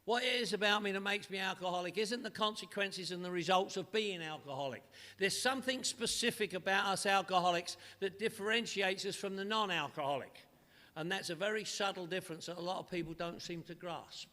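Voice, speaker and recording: Older male speaker, high bright voice, punchy comic storyteller, reverberant hall. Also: brisk. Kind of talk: humorous recovery talk at a meeting. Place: meeting hall with a live audience. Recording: live talk in a reverberant hall.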